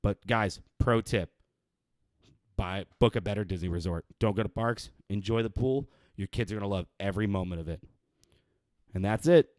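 A young man with a fairly low voice rants in a sweary, rambling way, sounding exasperated as he goes. The recording is dry and close, with no room sound around him. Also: normal speed, a little mellow, no echo. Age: young adult. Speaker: vlogger ranting. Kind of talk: profane casual rant.

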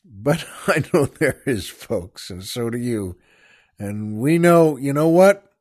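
A man's voice: mid-range voice, lively intonation, slow, darkish tone. An older man hosting a talk show, telling a rambling, wry story with small laughs and restarts. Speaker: podcast host. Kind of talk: casual storytelling monologue.

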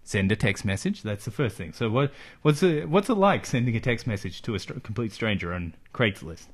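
A man from Australia hosting a casual comedy podcast, his voice sitting somewhat low. He rambles through a story, stacking up fillers and asking rhetorical questions as he goes. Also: lively intonation, brisk. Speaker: podcast host.

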